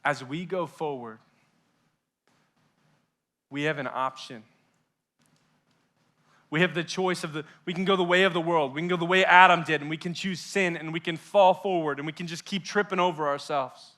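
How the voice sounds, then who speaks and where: A young male youth pastor preaching a sermon with passion, swinging between loud and hushed and acting out what his listeners might be thinking. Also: on the high side, normal speed, long pauses. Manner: acts out listeners' inner voices.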